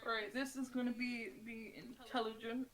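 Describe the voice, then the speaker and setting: A woman's voice: fairly high pitch, flat delivery, moderate pace. A woman playing a tabletop role-playing game, narrating what her character does and speaking for him. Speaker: player. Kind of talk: tabletop role-play chat.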